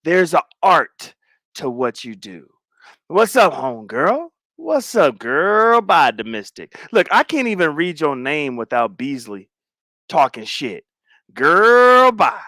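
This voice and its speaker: A man hosting a casual livestream chat, slangy and animated, repeating phrases and dropping into mumbled asides. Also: medium pitch, a little slow, dry recording, studio quality. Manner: animated, swings between loud and mumbled asides. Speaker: livestream host.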